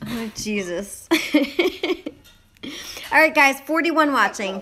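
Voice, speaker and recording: A woman's voice: on the high side, expressive, slow, pauses often, pushed and bright, slight background noise. A woman hosting a casual livestream, giggling often as she reads viewer comments aloud. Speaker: livestream host.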